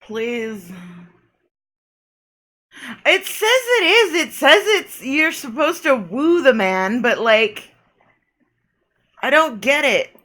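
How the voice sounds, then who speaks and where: A woman's voice: high voice, very animated, slow, pauses often, fairly bright tone. A young woman streaming a dating game, reading its narration aloud and ranting and swearing at it in casual commentary. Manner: reads game narration aloud, then rants and swears in frustration. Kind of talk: live gameplay commentary.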